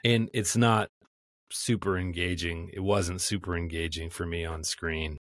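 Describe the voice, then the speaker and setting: A man co-hosting a podcast in casual chat, animated and quick to laugh. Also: low-pitched, no room sound, clean studio sound. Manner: animated, breaks into mocking impressions and laughs. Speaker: podcast co-host.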